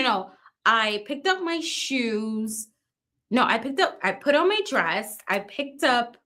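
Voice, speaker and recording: Halting woman in her fifties, fairly high. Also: a bit bright. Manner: halting, restarts and repeats "you know what I mean". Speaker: interview guest. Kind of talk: emotional personal account.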